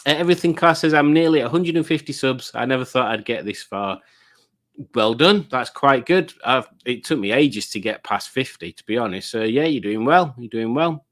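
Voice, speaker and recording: A middle-aged man hosting a relaxed livestream. He rambles cheerfully from one viewer comment to the next, with an easygoing, chatty delivery and an ordinary mid-range voice. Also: medium pitch, a little fast. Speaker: livestream host. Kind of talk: casual livestream chat reading comments.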